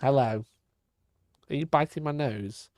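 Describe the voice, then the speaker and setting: A man's voice: medium pitch, measured pace, a little mellow, no echo, studio quality. A young man chatting casually on a live stream, swearing freely, laughing often and talking to his cat between comments.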